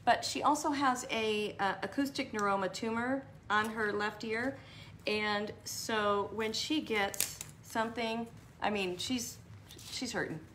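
A woman's voice: on the high side, a little slow, a bit bright, slight background noise. A woman hosting a live craft tutorial, chatting and rambling as she answers viewers by name.

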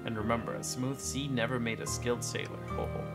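A man's voice: medium pitch, fairly even intonation, a little fast, gravelly, loud music behind the voice, close to an everyday voice. A man voicing a jolly old male sea skipper in a video game, with a hearty pirate-like drawl and chuckles.

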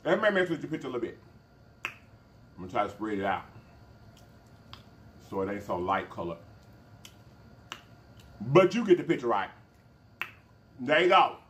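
A man hosting a mukbang vlog, talking casually and excitedly to his viewers. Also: medium pitch, moderate pace, long pauses, slight background noise. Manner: animated, excitable, calls out to viewers. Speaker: mukbang channel host.

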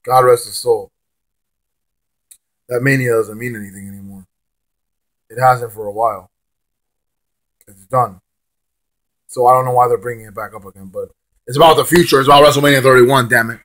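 A hoarse young man rants bluntly as a wrestling fan vlogger, stammering and repeating words, with some swearing. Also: mid-range voice, steady tone, normal speed, pauses often, a bit bright. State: hoarse, lost his voice. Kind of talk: casual ranting monologue.

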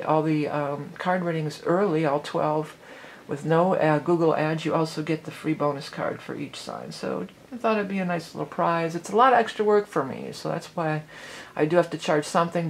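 A woman's voice: low voice, normal speed, slight background noise. A middle-aged woman hosting an astrology channel, chatting casually and rambling with lots of "you know". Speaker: psychic astrology channel host.

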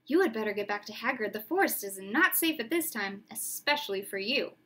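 A woman's voice: a little high, lively intonation, bright, forceful tone. Woman reading as Firenze, a grave young centaur. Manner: measured and earnest.

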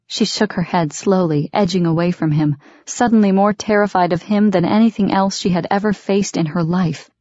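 A woman's voice: on the low side, moderate pace, hardly any pauses, mellow, no room sound. Woman narrating an audiobook, dry sound. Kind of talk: scripted narration. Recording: dry, dull lo-fi recording.

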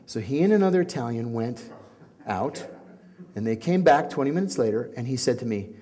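A man's voice: medium pitch, fairly quick. Middle-aged guy spinning stories to a crowd, voice jumps all over, acts out the quotes. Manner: animated storyteller acting out quotes. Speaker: speaker at a community talk. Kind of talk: storytelling talk.

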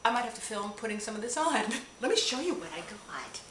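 A woman's voice: a little high, big pitch swings, fairly quick, a bit bright. A woman unboxing a gift package on camera, gushing and gasping with delight at each item. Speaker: beauty vlogger. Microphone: camera on a tripod. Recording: echoey room, audible noise.

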